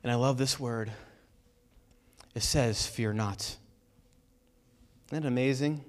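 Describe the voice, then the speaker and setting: A man preaching a sermon in a conversational, energetic way, asking the congregation rhetorical questions. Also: medium pitch, slow pace. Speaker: pastor.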